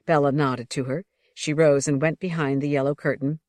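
A woman narrating an audiobook in an even, measured reading. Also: low-pitched, no echo.

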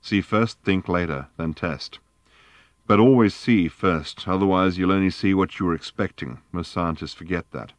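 A man doing a calm, earnest eccentric scientist. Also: sits low, normal speed, no room sound, close to an everyday voice. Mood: earnest lecturing. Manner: earnest, lecturing, calmly reflective.

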